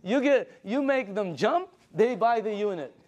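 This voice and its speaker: A high-pitched older man gives an excited sales presentation. He tells anecdotes with emphatic punchlines and a pushy, storytelling energy. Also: unhurried.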